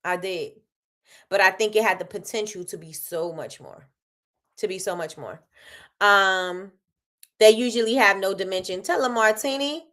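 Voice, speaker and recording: A woman's voice: mid-range voice, normal speed. Woman, livestream host, casual business chat, repeats herself, greets chat viewers. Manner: animated, repeats phrases, reads chat aloud.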